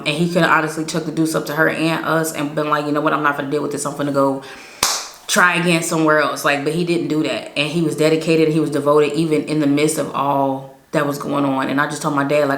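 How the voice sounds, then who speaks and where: A woman's voice: deep voice, fairly bright tone. A woman giving a casual, emotional spoken testimony as a prophetic vlogger, earnest and rambling with many fillers. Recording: echoey room.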